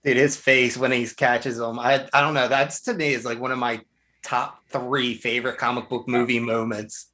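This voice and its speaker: A man's voice: medium pitch, little pitch movement, normal speed, sharp tone. A man co-hosting a casual movie review podcast, animatedly acting out scenes he liked. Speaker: podcast co-host.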